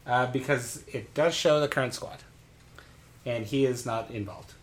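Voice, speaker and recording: An American man co-hosting a relaxed soccer podcast. He is playful and jokey and keeps tossing out deadpan absurd claims. His voice sits in an everyday middle pitch. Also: a little slow. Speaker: podcast co-host. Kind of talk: casual sports podcast chat.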